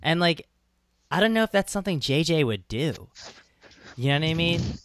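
Animated man in dry casual banter. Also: fairly high pitch, normal speed, no echo. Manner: animated fan banter, swears freely, laughs often. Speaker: podcast co-host. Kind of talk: casual chat.

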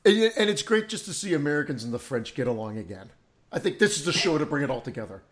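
A man's voice: on the high side, very animated, fast. A man co-hosting a podcast, cracking crude jokes in casual chat.

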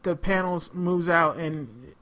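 A man in casual political chat, indignant and swearing, rising to loud outbursts. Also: fairly high pitch, takes it slowly.

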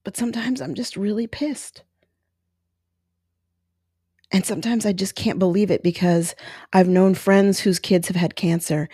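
A woman's voice: medium pitch, steady tone, unhurried, long pauses, dark tone, breathy edge, dry recording, clean studio sound. A woman in her forties hosting a podcast, speaking candidly and emotionally in a personal monologue. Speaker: podcast host.

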